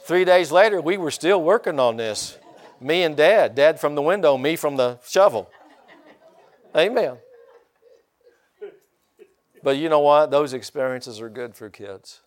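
A man's voice: a little high, expressive, unhurried, long pauses. An older man from Indiana preaching a sermon in a folksy way, often calling out for amens. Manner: folksy, calls for amens from the congregation. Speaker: pastor.

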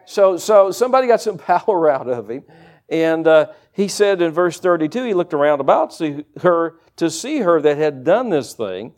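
Animated high-voiced male preacher. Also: moderate pace. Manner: animated, conversational, folksy asides. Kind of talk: sermon. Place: church service with congregation.

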